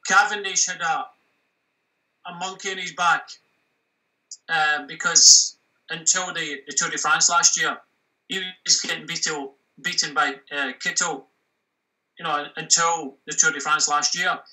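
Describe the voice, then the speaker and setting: Bright-voiced Scottish man, a bit off-mic. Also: on the high side, unhurried, pauses often, recorded from a distance, low-quality recording. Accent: West of Scotland. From Scotland. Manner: relaxed, chatty, hesitant with fillers. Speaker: guest cycling pundit. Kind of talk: casual interview chat.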